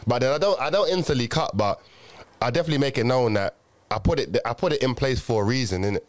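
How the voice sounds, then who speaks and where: A young man, chatting loosely in a group podcast. He speaks fast with a lively, swinging pitch. His talk is full of slang and repeated starts. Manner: fast, animated, lots of restarts and slang. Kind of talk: casual group chat.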